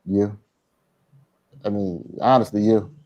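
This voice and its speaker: A man's voice: fairly low pitch, fairly even intonation, takes it slowly, a little mellow, dry recording, lo-fi sound. Laid-back man with a Philadelphia accent. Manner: blunt, laid-back, profane. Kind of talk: casual chat.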